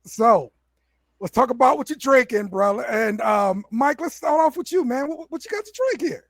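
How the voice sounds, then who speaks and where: A man's voice: very high voice, lively intonation, moderate pace, no echo, clean studio sound. A man hosting a casual sports chat show, laid back, often repeating words and laughing. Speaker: podcast host.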